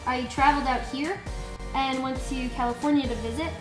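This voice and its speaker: A woman's voice: sits high, fairly even intonation, fairly quick. A young woman from New Jersey hosting a casual live stream, joking and chatting with her viewers. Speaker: livestream host. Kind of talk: casual live-stream chat while painting. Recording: echoey room with music behind.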